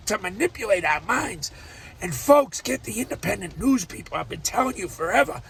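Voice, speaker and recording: An older man rambles from topic to topic, swearing freely and chuckling to himself. His voice is gravelly and swings widely up and down. It is recorded in a car, with loud noise behind him. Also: sits high. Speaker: vlogger. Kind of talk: rambling casual monologue.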